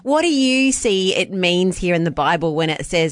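A woman co-hosts a Christian TV show, putting questions to the guest quickly and lightly. Her voice sounds dry and close. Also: on the low side, expressive, dry recording. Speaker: co-host. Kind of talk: Christian TV interview.

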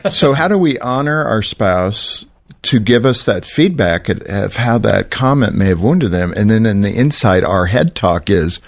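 Lively low-voiced male host. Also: moderate pace, gravelly. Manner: animated, playful, asks long questions. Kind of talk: casual conversational interview.

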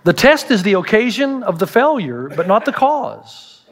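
A man's voice: high-pitched, sing-song, normal speed. A man preaching a sermon as a pastor, telling stories and acting out the voices of the people he quotes. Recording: reverberant hall.

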